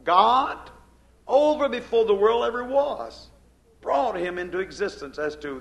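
A man's voice: high-pitched, animated, unhurried, gravelly, a bit bright. An older man preaching a sermon, emphatic, with a rising and falling preaching cadence.

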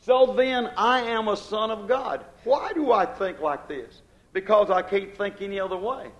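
A man's voice: high voice, normal speed, muffled recording. An older man preaching a sermon, emphatic, with a rising and falling preaching cadence.

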